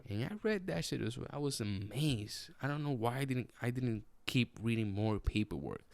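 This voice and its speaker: Gravelly man, casual podcast. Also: mid-range voice, expressive, moderate pace, darkish tone, no echo. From Puerto Rico. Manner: profane, rambling, frequent restarts and fillers. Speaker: podcast host. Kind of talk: casual storytelling.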